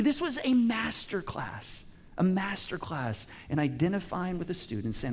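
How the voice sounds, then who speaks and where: A man in his forties, a pastor giving a casual, story-driven sermon that sinks to soft, hushed tones at tender points. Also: high-pitched, big pitch swings, normal speed. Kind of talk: conversational sermon.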